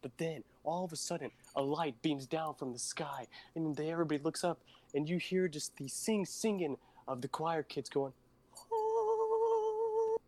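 A man's voice: on the high side, moderate pace, a little mellow. Playful rambling male storyteller. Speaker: podcast co-host. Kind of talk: casual chat, telling a silly story.

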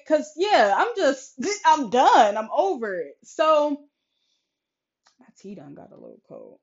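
A woman's voice: high voice, sing-song, slow pace. A young woman venting frankly and with exasperation in a casual vlog, swearing often and animatedly retelling conversations, with a slightly sore throat. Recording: slightly dull lo-fi recording.

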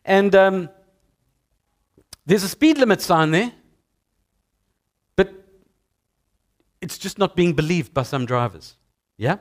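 A middle-aged man, preaching a sermon as a pastor in an animated storytelling way. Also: high-pitched, takes it slowly, pauses often. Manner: storytelling, animated with acted-out sounds.

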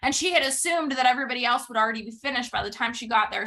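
A woman hosts a motivational podcast, telling a story to her listeners. Her voice sits high and sounds bright and forward. She talks in an animated, emphatic way, acting out the quoted dialogue and leaning on repetition for effect. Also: rapid-fire. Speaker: podcast host.

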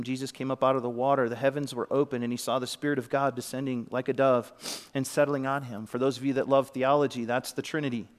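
A middle-aged man giving a sermon as a pastor, telling a heartfelt story and sometimes dropping to a whisper. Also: medium pitch. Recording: long reverb of a large hall.

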